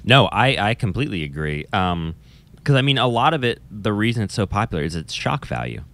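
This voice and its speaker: Low-voiced man chatting animatedly. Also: a little fast. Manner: animated, swears casually, mimics voices. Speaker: podcast co-host, music teacher. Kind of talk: casual chat.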